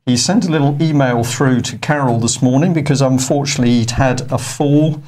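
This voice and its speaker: A man's voice: medium pitch, a little fast, darkish tone. A male presenter giving unscripted studio news commentary, talking conversationally with frequent hesitations.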